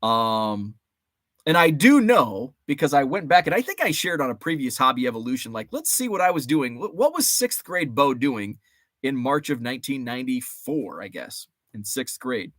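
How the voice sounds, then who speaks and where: A man's voice: mid-range voice, very animated, moderate pace, fairly bright tone, dry recording, clean studio sound. A man around forty hosting a casual livestream, rambling through memories, greeting chat viewers by name and swearing mildly. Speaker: host.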